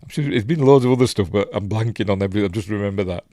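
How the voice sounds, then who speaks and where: A Yorkshire man reviews a film in a fairly low, mellow voice, talking very fast and rambling with plenty of ums and forgetful asides. The recording is dry and studio-clean.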